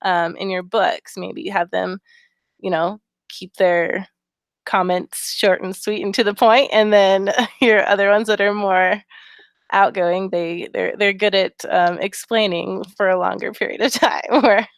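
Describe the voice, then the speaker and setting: A reserved woman co-host speaking quietly and modestly in a casual chat. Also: mid-range voice, fairly even intonation, a little slow, dry recording, clean studio sound. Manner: reserved, soft-spoken, laughs shyly. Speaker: podcast co-host, author.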